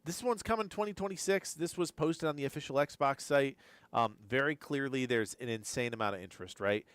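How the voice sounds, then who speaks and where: A man's voice: mid-range voice, fairly quick, fairly bright tone, clean tone, dry recording. A man hosting a live gaming news stream, rambling and repeating himself as he thinks aloud, drowsy and yawning. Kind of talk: live-stream reaction commentary.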